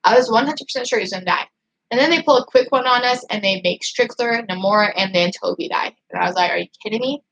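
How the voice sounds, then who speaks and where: A woman talks straight to her livestream viewers and answers their chat comments as they come in. Her talk is a fast, frustrated rant, full of "like" and sentences she starts over. The voice sits at an ordinary pitch for a woman. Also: vocal fry, slight background noise, low-quality recording. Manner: excitable and frustrated, heavy use of "like". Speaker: channel host reading live chat.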